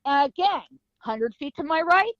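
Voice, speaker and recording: A woman with a high voice tells a story in a guest interview, acting out sounds and voices. The recording is dry and a bit dull. Her telling is lively and full of drama. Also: measured pace, dry recording. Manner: vivid storytelling with sound effects and acted quotes. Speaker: guest, psychic medium and author.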